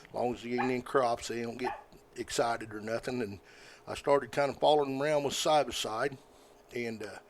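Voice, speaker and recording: An older man, a podcast guest telling stories in a folksy, rambling way, often halting with fillers. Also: mid-range voice, steady tone, a little hiss or hum. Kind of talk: casual storytelling.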